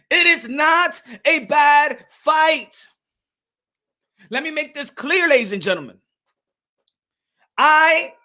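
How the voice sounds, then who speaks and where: A man hosting a boxing vlog with energetic, hyped commentary. He shouts out viewers and mixes in Spanish phrases. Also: very high voice. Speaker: boxing channel host.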